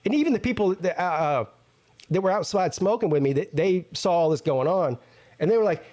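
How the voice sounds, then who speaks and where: A man hosting a talk show, telling a casual story in an animated, profane way and acting out both sides of an argument. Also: high voice, moderate pace. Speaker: host.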